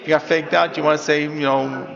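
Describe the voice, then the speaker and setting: A man's voice: fairly high pitch, flat delivery, a little fast, vocal fry. A man teaching a text class as a rabbi, reading Hebrew lines and then explaining them step by step to his students. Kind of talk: classroom Torah lesson. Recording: dull lo-fi audio with class chatter.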